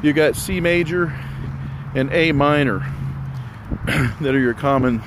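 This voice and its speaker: A slightly breathless man teaches music theory outside in a casual spoken lesson, walking through it step by step in a relaxed, rambling manner. His voice is a little high and slow, with background noise present.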